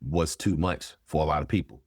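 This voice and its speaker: A man's voice: extremely low pitch, a little fast, husky, no room sound, clean studio sound. A man, a therapist and podcast guest, talking frankly in casual conversation, swearing freely and acting out quoted people.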